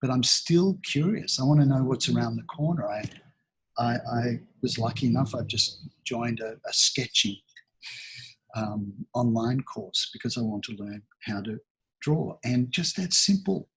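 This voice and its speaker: Man, 60s, from Australia, airy and breathy voice, reflective interview guest. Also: medium pitch, a little slow, a bit bright. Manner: thoughtful, rambling, many restarts and fillers. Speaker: talent agency founder, guest.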